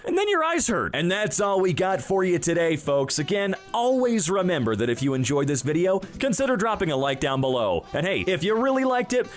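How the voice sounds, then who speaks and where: A man's voice: sits high, big pitch swings, fairly quick, hardly any pauses. A man hosting a video, reading online posts aloud and reacting with wry, joking asides. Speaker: host.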